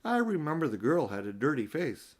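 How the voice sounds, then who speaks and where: An older man reading a storybook aloud, voicing an eager, excitable young boy in a raised voice. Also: a little high, brisk.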